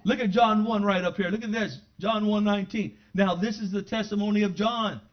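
High-voiced preacher in a dull recording. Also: male voice, fairly even intonation, fairly quick. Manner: conversational preaching, rising to loud exclamations. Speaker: pastor. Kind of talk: sermon. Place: church sanctuary.

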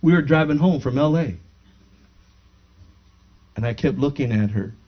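A pastor preaches a sermon testimony, telling his congregation a personal story, acting out the dialogue, and building to fervent praise. His voice is medium-pitched and his pace is normal. The recording sounds dull and lo-fi.

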